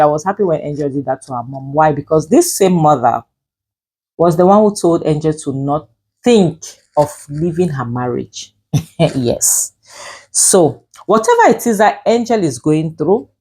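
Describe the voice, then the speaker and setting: A woman's voice: deep voice, darkish tone. A woman reviewing a drama series, emphatic and scolding, with frequent "you know" fillers. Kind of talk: opinionated review commentary.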